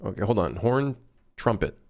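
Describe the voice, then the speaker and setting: A man streaming his game development work, chatting casually and reacting excitedly, joking and swearing as he works. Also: fairly low pitch, normal speed, creaky. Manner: excitable, swears and jokes while working. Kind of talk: casual live-stream commentary.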